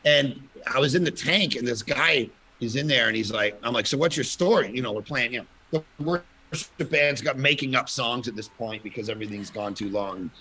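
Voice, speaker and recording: A man, a pastor, telling lively stories in a casual conference talk, with loud bursts of emphasis and frequent laughter. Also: mid-range voice, brisk, a little hiss or hum. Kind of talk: casual storytelling at a conference panel.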